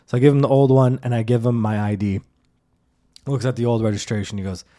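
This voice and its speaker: A man hosts his own comedy podcast and tells a story at length, with a mellow, warm tone. He rambles, swears freely and stumbles through fillers and restarts. When he acts out his own lines, he turns deadpan and overly formal. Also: mid-range voice, fast. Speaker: podcast host.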